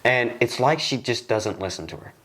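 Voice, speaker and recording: A young man hosting a podcast in a studio, telling a casual work story and acting out the people in it with sudden jumps in his voice. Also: moderate pace. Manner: animated, acts out quoted lines with jumps in pitch. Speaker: podcast host.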